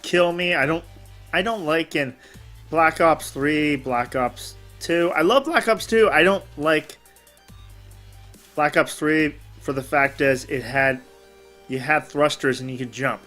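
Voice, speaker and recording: A man hosting a casual talk show, telling rambling, animated gaming stories. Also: on the high side, slow pace, soft background music.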